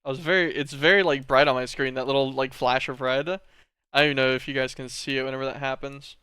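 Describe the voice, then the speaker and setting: A man talking through a game stream, thinking aloud as he plays. His commentary is relaxed and rambling, full of little "um"s and "like"s. His voice comes across smooth, with a dry, close sound. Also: mid-range voice, fast, dry recording.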